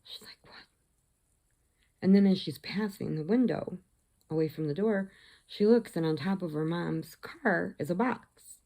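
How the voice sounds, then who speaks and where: Gravelly low-voiced woman vlogger. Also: moderate pace. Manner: animated storyteller, acts out lines, drops to whispers. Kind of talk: casual movie retelling.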